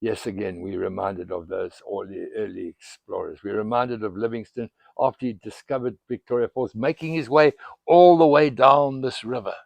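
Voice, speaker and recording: Gravelly older man telling river history. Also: on the low side, fairly even intonation, normal speed, no echo. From South Africa. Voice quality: gravelly, husky. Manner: dramatic storyteller, bursts of emphasis. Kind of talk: storytelling monologue outdoors.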